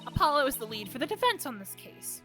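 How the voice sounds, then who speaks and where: A woman voicing an upbeat, confident young woman lawyer in a game, reading her lines brightly. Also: high-pitched, sing-song, quick pace, faint music behind, exaggerated voice. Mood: cheerful.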